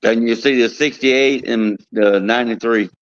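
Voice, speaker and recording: A man's voice: medium pitch, fairly even intonation, normal speed. A man who works at a cigar plant, chatting casually, often restarting and trailing off mid-thought. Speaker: guest, cigar plant worker. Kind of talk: casual chat. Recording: dull lo-fi sound.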